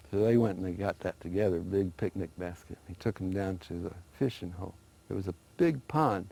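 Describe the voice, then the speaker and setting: A man telling traditional folktales in a relaxed, conversational way, with small restarts. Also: low-pitched, a little fast, vocal fry, no room sound. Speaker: storyteller guest. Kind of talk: oral folk storytelling.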